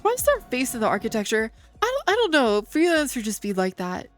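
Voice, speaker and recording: A woman's voice: on the high side, very animated, fast. Woman streamer, chatty and rambling, light music bed. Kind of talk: casual game commentary.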